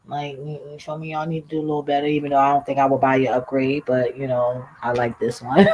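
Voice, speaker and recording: A woman streaming a casual, profane rant, animated and laughing often as she talks. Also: extremely low pitch, poor audio. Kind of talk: casual ranting monologue.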